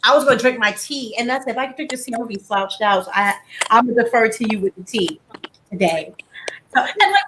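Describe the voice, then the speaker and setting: A woman hosting a casual live beauty stream from home, chatty and animated, full of "like" fillers. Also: on the high side, fast, background noise. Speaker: host of a live beauty chat.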